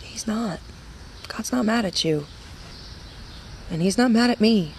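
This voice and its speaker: A woman's voice: mid-range voice, measured pace, a little mellow, slight background noise. A young woman leading a women's ministry, giving an earnest devotional talk and repeating phrases for emphasis.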